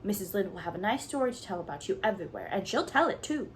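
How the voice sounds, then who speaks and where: A woman's voice: mid-range voice, sing-song, fast, slight background noise. Woman doing a stern, dry spinster.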